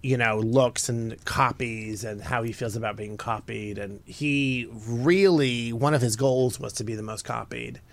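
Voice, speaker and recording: A man hosting a podcast in casual chat, talking in an animated, playful way. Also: mid-range voice, a little slow, creaky, few pauses. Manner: chatty, animated, playful storytelling. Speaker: podcast host.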